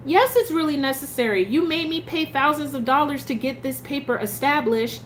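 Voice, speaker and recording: A woman's voice: sits high, moderate pace, few pauses, slight background noise. A woman telling her story as a parent in a casual vlog, frustrated and emphatic, with many restarts.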